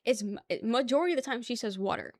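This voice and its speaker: A woman's voice: a little high, expressive, quick pace, darkish tone, no room sound, studio quality. A young woman from the New area, chatting casually on a stream, rambling, laughing often and reading chat aloud. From New York area.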